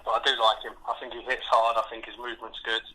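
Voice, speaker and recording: A man's voice: medium pitch, completely flat delivery, fast talker, bright, forceful tone, rough recording. A man on a boxing podcast panel, chatting casually with lots of restarts and tag questions. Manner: hesitant, repeats himself, ends on tag questions. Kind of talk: casual chat.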